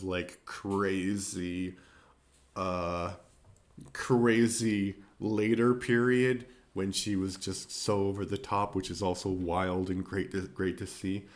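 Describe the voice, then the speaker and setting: A man giving a casual film review, thinking aloud and rambling, with frequent fillers and restarts. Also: deep voice.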